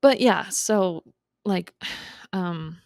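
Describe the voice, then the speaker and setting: A lower-pitched woman with a gravelly, fry-edged voice, speaking candidly and reflectively about her past. She talks in a halting way, restarting sentences as she goes. The sound is close and dry, with no room echo. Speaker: podcast guest. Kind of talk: candid conversational storytelling.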